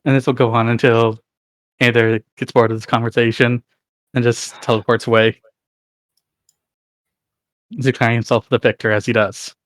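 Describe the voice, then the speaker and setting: A man's voice: mid-range voice, little pitch movement, normal speed, pauses often, dry recording. A man playing a tabletop game who talks in a laid-back, amused way. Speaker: player. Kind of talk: casual tabletop play.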